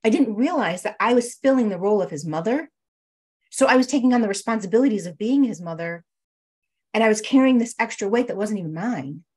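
A woman's voice: mid-range voice, expressive, a little fast, darkish tone, breathy edge. A woman being interviewed, candidly recounting a hard personal story with emotion and frequent restarts. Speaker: interview guest.

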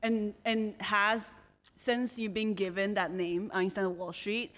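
A woman hosts a podcast interview, asking questions and filling in with short replies. Her pitch sits in the middle. Her voice carries a long echo from the room. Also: flat delivery, measured pace, a bit bright. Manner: brief affirming interjections and questions. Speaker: podcast host.

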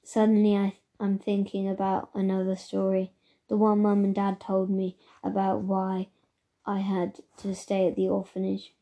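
A woman reading a children's novel aloud at an unhurried pace, with the occasional stumble. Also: mid-range voice, completely flat delivery, dark tone. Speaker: reader.

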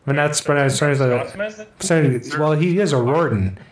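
A man's voice: fairly high pitch, expressive, normal speed, crowd noise. A man co-hosting a casual show, reading out an odd news story with jokes and laughter. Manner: jokey, laughing, tries silly accents. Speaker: co-host reading a news segment. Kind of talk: casual chat. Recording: roomy echo.

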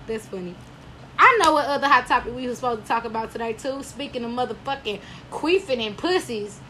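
A woman's voice: on the high side, animated, brisk, sharp tone, slight background noise. A woman co-hosting a casual podcast chat, outspoken, crude and emphatic. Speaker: podcast co-host.

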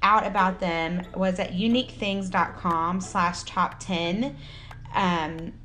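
A woman's voice: lowish voice, fairly even intonation, slow, a bit bright. Joking, swearing Texan woman podcaster. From Texas. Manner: joking, swears freely, laughs often. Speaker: podcast co-host. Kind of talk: casual chat.

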